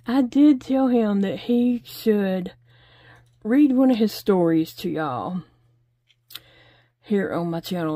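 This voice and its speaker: A woman's voice: mid-range voice, dark tone, no echo, studio quality. A middle-aged woman, chatting casually and laughing often while she crochets and counts her stitches aloud. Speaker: crochet vlogger.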